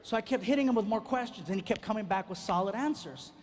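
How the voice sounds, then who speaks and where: A male stand-up comedian telling a story in an animated way and acting out each exchange. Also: high-pitched, fast, a little hiss or hum. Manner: animated, acts out every exchange.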